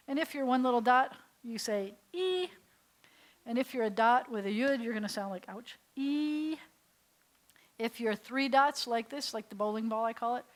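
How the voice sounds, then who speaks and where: A woman's voice: fairly high pitch, normal speed. A woman rabbi teaching a beginners' class, who explains things playfully and leads the group in repeat-after-me drills. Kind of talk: classroom lesson. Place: synagogue classroom.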